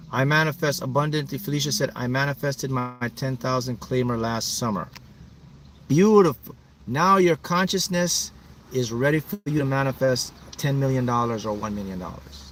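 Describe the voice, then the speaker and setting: Here a manifesting coach speaks at normal speed in a medium-pitched, somewhat bright voice, with a little hiss or hum in the audio. He hosts a motivational livestream, stressing and repeating his words to rally viewers.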